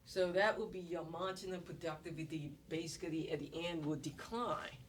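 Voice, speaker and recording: A woman's voice: on the low side, moderate pace. Woman teacher, classroom lecture, heard from a distance, noisy recording with clicks, explains patiently. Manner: explains step by step with rhetorical questions. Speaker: economics instructor. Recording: distant mic with noise and clicks.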